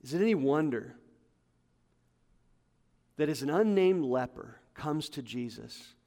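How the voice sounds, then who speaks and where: A man preaching a sermon to his congregation, building to emphatic peaks and dropping to quiet asides. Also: lively intonation, unhurried. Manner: passionate, rising to emphatic peaks then dropping low. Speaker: pastor. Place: church hall with congregation. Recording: long hall reverb.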